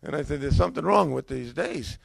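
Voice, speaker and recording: A man's voice: a little high, a little fast, creaky, husky, dry recording. An older man with an American accent, a former pastor, casually telling his story and acting out the dialogue with a rising voice. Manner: animated, acts out dialogue with rising voice.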